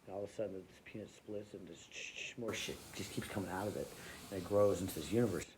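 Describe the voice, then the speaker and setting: Man, comic storyteller, lowish voice, rambling and loose, with a clear hiss of noise behind him. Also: quick pace. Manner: loose, rambling, full of fillers and restarts.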